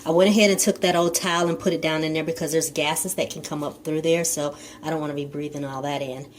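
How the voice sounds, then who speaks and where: A woman's voice: deep voice, steady tone, fast, slight background noise. A woman talking casually through a home repair job in a small bathroom, rambling with fillers and restarts as she works. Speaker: DIY home improvement vlogger. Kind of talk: casual how-to narration.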